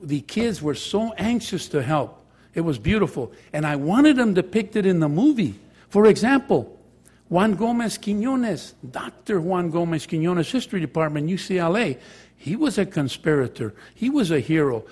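An older man tells stories in a husky voice and a fairly high register. He jokes as he goes and drops into Spanish now and then. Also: sing-song, normal speed, a little mellow. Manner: anecdotal, joking, switches into Spanish. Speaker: former high school teacher and counselor. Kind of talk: storytelling talk to an audience.

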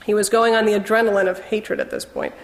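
A woman narrating a first-person novel in a wry, measured storytelling manner. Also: mid-range voice, little pitch movement, big-room sound. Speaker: audiobook narrator.

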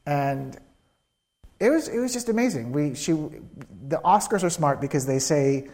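A man's voice: a little high, unhurried. A man, a screenwriter, telling stories in a live onstage interview, acting out quotes and laughing often. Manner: animated storyteller who acts out quotes with laughter. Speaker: screenwriter guest.

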